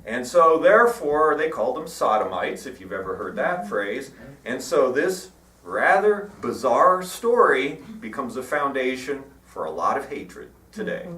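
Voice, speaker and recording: Animated, wry male preacher. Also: mid-range voice. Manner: irreverent, wry, animated storytelling. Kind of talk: sermon. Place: church hall. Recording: echoey hall, mic at a distance.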